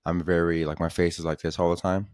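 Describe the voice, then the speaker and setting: A man's voice: low-pitched, flat delivery, fast, darkish tone, no room sound, clean studio sound. A man hosting a podcast, telling comedic stories in a casual, profane, slangy way that keeps coming back to "dude". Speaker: podcast host.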